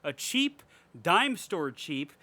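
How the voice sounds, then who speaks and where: A man's voice: high voice, very animated, takes it slowly, bright, forceful tone, no room sound. A man hosting a casual podcast chat, profane and ranting, often laughing as he reads out and mocks reviews. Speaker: podcast host.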